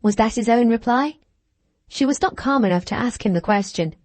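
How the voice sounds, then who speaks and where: A woman with a fairly high voice reads a classic novel for an audiobook, keeping her storytelling measured and even. There's no echo.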